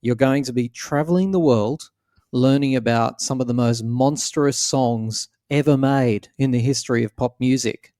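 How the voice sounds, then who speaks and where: A man's voice: normal speed, dark tone, no echo. Man, podcast host, playful banter, dry close sound. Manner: playful, mocks with squealing high-pitched voices. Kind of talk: casual podcast chat.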